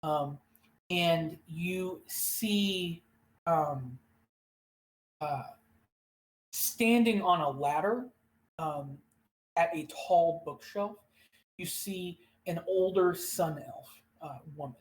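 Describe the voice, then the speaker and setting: A game master narrating a live-streamed tabletop game, reading room descriptions unhurriedly and pausing often. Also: mid-range voice, poor audio.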